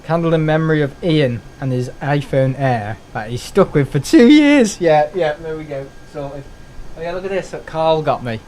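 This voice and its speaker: A man's voice: a little high, animated, normal speed, darkish tone, slight background noise. A young man streaming a game, rambling casually, joking, swearing and laughing often. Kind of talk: casual live-stream chat.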